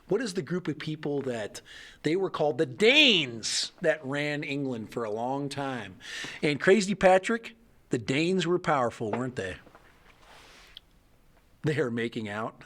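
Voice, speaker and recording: A man's voice: mid-range voice, fairly bright tone. A middle-aged man hosting a casual livestream, rambling and joking as he reads out viewer comments. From United States. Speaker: livestream host.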